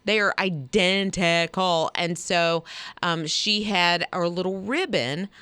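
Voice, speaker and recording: A woman co-hosting a morning radio show, telling stories in an animated way and making her own sound effects, recorded in a radio studio. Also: on the low side, takes it slowly, smooth, dry recording. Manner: animated storyteller who makes sound effects. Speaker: radio co-host.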